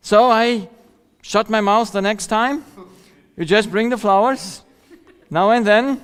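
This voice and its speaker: A man lecturing at a seminar, talking slowly and unhurriedly in a high voice. His tone is smooth and clear, and he keeps things conversational, pausing to check in with the audience and chuckling at his own anecdotes. The sound carries a long reverb from a large hall. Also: fairly bright tone. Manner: conversational, checks in with "yeah?" and "yes?". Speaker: seminar speaker.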